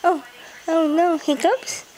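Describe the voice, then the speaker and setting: A Filipino-accented woman coos to a baby in a high, unhurried voice, coaxing him with one soft question after another. The home camcorder catches plenty of background noise. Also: steady tone, low-quality recording. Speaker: parent filming a baby. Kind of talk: baby talk to an infant.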